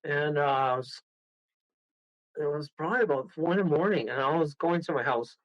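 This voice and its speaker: A man from Toronto, a guest medium, telling a rambling, excitable story with bursts of laughter. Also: fairly high pitch, normal speed, no room sound. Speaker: guest medium and paranormal investigator. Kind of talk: casual storytelling on a radio call. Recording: dull lo-fi radio audio.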